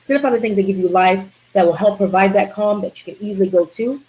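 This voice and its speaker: A woman's voice: medium pitch, fast, darkish tone, rough recording. Emphatic woman giving a wellness talk. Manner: emphatic, repeats key words, asks the audience questions. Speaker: wellness presenter. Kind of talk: live community talk.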